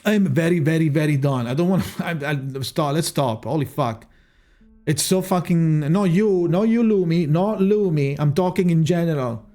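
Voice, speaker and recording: A man's voice: on the high side, normal speed, warm tone. A male streamer chatting casually to viewers, exasperated, swearing and restarting his sentences. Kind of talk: casual live-stream chat.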